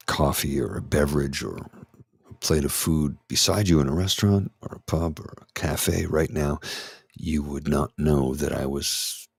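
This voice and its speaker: A middle-aged man talking candidly and haltingly through an anxiety attack, his voice trembling as he restarts his sentences. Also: a bass voice, vocal fry, breathy edge, no echo, clean studio sound. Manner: halting, restarts, anxious and shaky. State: anxious, trembling voice. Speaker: ASMR channel host. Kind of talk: candid personal talk.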